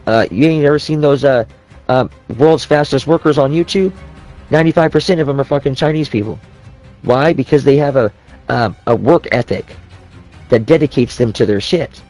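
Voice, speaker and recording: A man's voice: mid-range voice, moderate pace, darkish tone, soft background music, rough recording. Profane rambling man ranting. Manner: profane, rambling, with frequent restarts. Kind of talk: casual rant.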